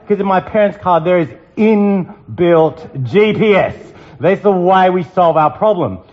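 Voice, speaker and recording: A man, giving a sermon and telling personal stories in an animated way. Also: high voice. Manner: animated storytelling, acting out panicked quotes. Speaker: speaker at a Bible talk. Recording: muffled lo-fi sound.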